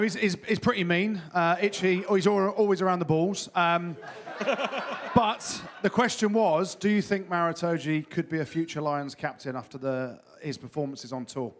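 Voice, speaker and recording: A man who is a rugby pundit on a live panel, joking with colleagues before answering questions. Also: on the high side.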